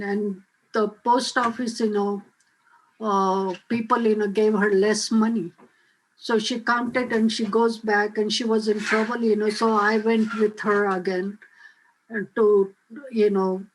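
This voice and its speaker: An older woman on a video call telling a personal story, halting often with filler phrases. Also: mid-range voice, rough recording. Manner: halting, frequent "you know" fillers. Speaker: guest speaker.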